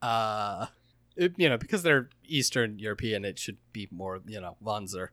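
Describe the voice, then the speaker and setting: A man co-hosting a casual gaming podcast, talking in an animated, jokey, mocking way. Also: on the low side, moderate pace, dry recording. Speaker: podcast co-host.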